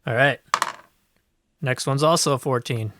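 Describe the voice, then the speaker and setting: A man's voice: medium pitch, a little slow, noisy background. A man playing a tabletop game, laid-back and joking with his group. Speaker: player. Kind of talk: casual game chat.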